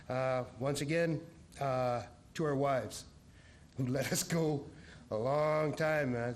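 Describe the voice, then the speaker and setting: A man's voice: a little high, a little hiss or hum. A man who was head coach, giving a rambling speech at an awards ceremony and telling a team story full of fillers. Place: banquet hall.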